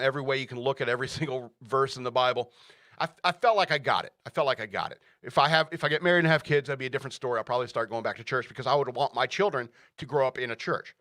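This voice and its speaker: A man hosts his own radio show and delivers opinionated commentary on his own. His voice is bright and forceful. The sound is dry and close, and he keeps pressing his points home with repeated "all right?". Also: medium pitch, dry recording. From United States.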